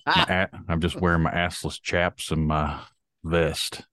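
A deep-voiced man co-hosting a casual podcast, speaking in an earnest, drawling way as he rants. His low voice sounds close and dry, with no room around it. He keeps it loose and conversational. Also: flat delivery, unhurried, sharp tone, no echo. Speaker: podcast co-host.

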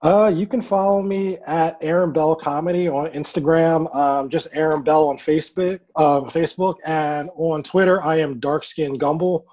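A man, a comedian, chatting casually as a podcast guest in an easygoing, relaxed way. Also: a little high, moderate pace, few pauses.

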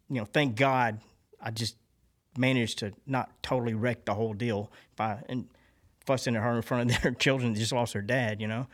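A man on a podcast recounts a personal story in a confessional, earnest tone. His voice sits in an ordinary middle pitch, and he rambles with restarts and fillers before turning reflective. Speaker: podcast co-host.

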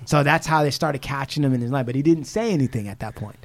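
A man co-hosting a podcast, casually retelling a true-crime story, animated and swearing freely as he acts out quotes. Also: medium pitch, fast. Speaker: podcast co-host.

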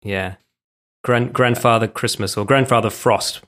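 A man's voice: medium pitch, fairly even intonation, a little slow, a bit bright. Male podcast co-host, casual and dry-humored, swears freely. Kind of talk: casual chat.

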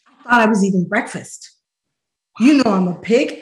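A woman hosting a podcast, chatting casually and telling stories with lively acted-out quotes. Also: medium pitch, moderate pace, roomy sound, rough recording. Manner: animated storyteller, acts out quotes. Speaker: podcast host. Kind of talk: casual chat.

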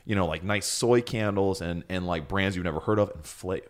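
Low-voiced man joking on a podcast. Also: fairly quick. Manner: joking, teasing, rambling. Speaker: podcast co-host. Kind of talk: casual chat. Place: home, near a kitchen.

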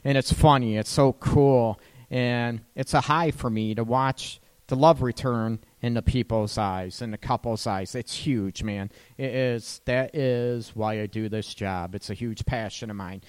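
A male radio host and counselor talks in a loose, chatty way, laughing between phrases. His pitch sits in an ordinary middle range. A long reverb trails behind his voice. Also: a little slow, clear, resonant tone. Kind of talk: casual radio talk.

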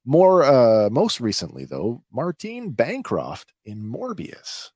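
A man hosting a podcast, recapping a TV episode in a conversational, halting way. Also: medium pitch, wildly swooping pitch, a little mellow, husky, no echo. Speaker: podcast host.

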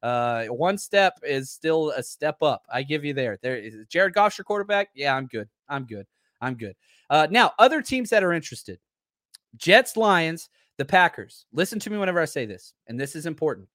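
Male sports talk host, brash and animated, fairly high voice, dry close sound. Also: normal speed, no echo. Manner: brash, animated, talks straight to viewers. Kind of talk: casual live-stream sports commentary.

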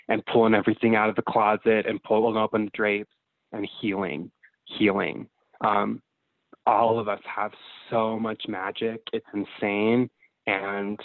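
A man of about thirty speaks as a podcast guest in a low, earnest voice, heartfelt and open, dropping the odd swear word. His voice comes over a tinny, phone-like line that is dry, with no room sound. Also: dry recording. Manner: heartfelt, expressive, swears casually. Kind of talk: emotional casual chat.

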